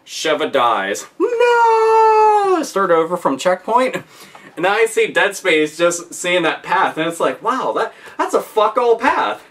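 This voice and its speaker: A man delivering a profane, animated rant about video games, swearing constantly. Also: high-pitched, unhurried. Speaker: video game commentator.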